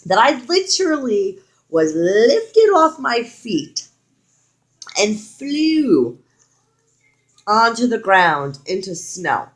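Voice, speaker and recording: A woman's voice: medium pitch, sing-song, extremely slow, long pauses. A young woman vlogger telling a personal story in casual storytime style, frank and full of swearing, acting out the quoted lines.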